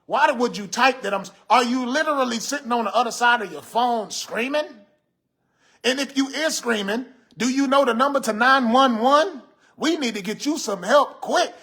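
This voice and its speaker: Man as gray-haired uncle, fifties, old-school and sassy; husky, high-set voice; phone-on-ring-light livestream. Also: sharp tone, exaggerated voice. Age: 50s. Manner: sassy, scolding, laughing at viewers' comments. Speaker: livestream host reading comments. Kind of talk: comedic character livestream. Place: room in a house.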